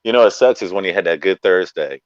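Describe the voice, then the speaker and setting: A man's voice: low-pitched, fast talker, dry recording, muffled recording. A man telling stage stories in casual chat as a guest comedian, laid-back and acting out quoted lines, heard over a video call.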